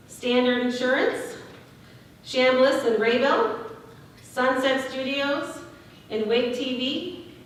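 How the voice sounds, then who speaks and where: A woman with a somewhat high voice reads a brisk list of thanks at a banquet. She is heard from far off in a big reverberant hall with faint room noise behind her. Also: fairly bright tone. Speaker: event organizer. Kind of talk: reading sponsor thanks and introduction.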